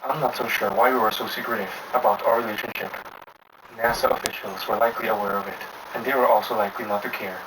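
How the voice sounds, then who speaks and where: A man reading a scripted horror story aloud in a measured, deliberate way. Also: fairly low pitch. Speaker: narrator. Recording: distant mic with steady background hiss.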